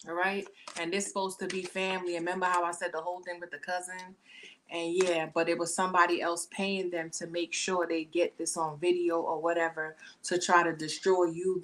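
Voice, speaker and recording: A woman's voice: lowish voice, a bit bright, slight background noise. A woman giving a casual tarot reading to camera, talking in blunt, slangy, profane chatter into the camera mic. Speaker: tarot reader.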